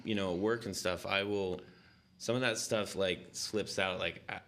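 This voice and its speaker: A man's voice: sits low, steady tone, a little slow, a bit bright. A man from Southern California hosting a podcast in casual chat, laughing and often restarting his sentences. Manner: laughing, self-interrupting, restarts. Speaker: podcast host.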